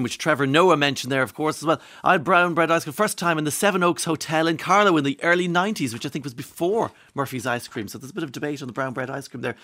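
A man's voice: a little high, fairly bright tone. A man with an Irish accent hosting a radio show, chatting casually, joking and reading out listener messages. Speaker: radio host. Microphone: studio microphone.

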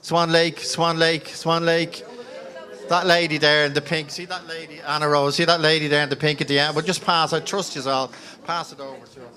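A man's voice: a little high, little pitch movement, a little fast, bright, forceful tone. A man with an Irish accent hosting a live radio broadcast before a crowd, chatty and teasing, on a handheld mic. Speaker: radio phone-in host. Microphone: handheld microphone.

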